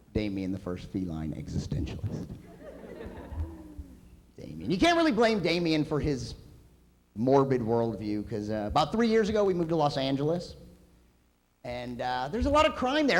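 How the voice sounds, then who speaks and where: A man's voice: medium pitch, slight background noise. A male comedian performing a stand-up set live on a community center stage, with a dry, wry delivery.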